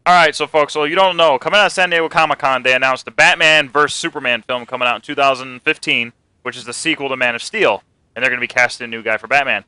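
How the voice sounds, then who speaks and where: A man's voice: medium pitch, fairly even intonation, fast, pushed and bright, smooth, no echo, rough recording. A man co-hosting a casual comic and movie news show, rambling, joking and swearing. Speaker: podcast co-host.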